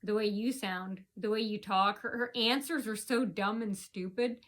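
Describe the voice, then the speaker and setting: A woman's voice: medium pitch, steady tone, moderate pace, fairly bright tone. A woman vlogger telling a personal story in an indignant, rambling rant, often repeating herself.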